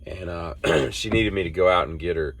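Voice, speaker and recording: A man's voice: sits low, lively intonation, normal speed, vocal fry, a bit bright, no room sound. A man, hosting a rambling solo monologue and telling off-the-cuff stories that wander. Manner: meandering, off-the-cuff storytelling. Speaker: host.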